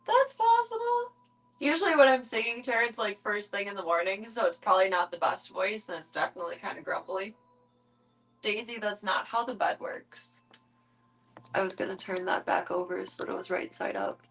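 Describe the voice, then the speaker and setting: A woman streaming casually from home, chatting to viewers and cooing baby talk at her kittens, her voice jumping high when she talks to them. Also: brisk, a bit bright, low-quality recording. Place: home room with cat enclosure.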